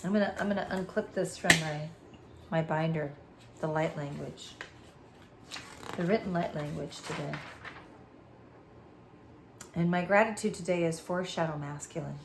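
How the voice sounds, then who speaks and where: Earnest soft-spoken woman healer. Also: deep voice, moderate pace, creaky, long pauses, noisy background. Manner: earnest, repetitive affirmations. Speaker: spiritual healer. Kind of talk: channeled spiritual message.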